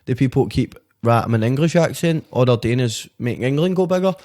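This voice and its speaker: A man's voice: medium pitch, expressive, a little fast, darkish tone. A young Glaswegian man chatting as a guest rapper on a podcast, swearing freely and rambling through lots of fillers. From Scotland. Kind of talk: casual podcast chat.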